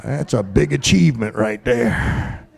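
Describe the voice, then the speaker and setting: A man's voice: mid-range voice, a little slow, gravelly, darkish tone. A middle-aged man doing profane stand-up in a comedy club, ranting and telling stories on a stage mic.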